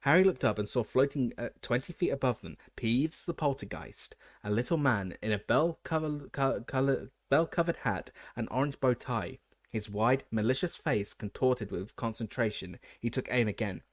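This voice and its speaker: A man's voice: medium pitch, normal speed, dry recording, studio quality. A man reading a fantasy novel aloud as an audiobook narrator, often stumbling and restarting words.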